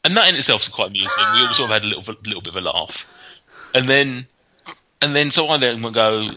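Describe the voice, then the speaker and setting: A man's voice: mid-range voice, animated, fast talker, pushed and bright. A man telling casual, rambling anecdotes in a chat, full of fillers and restarts. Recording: dull lo-fi sound.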